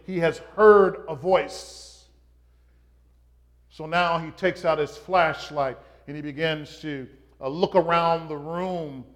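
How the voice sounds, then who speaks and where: A man preaching a sermon, opening with a joke, in a slow and halting delivery with frequent pauses and fillers. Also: fairly high pitch. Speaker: pastor.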